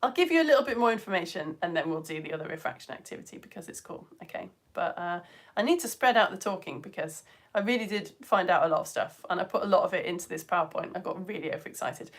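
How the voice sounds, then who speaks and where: A woman from the United Kingdom presenting a live science show for children, chatty and excitable, talking straight to viewers and recorded on a phone indoors. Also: lowish voice, fast talker. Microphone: phone camera.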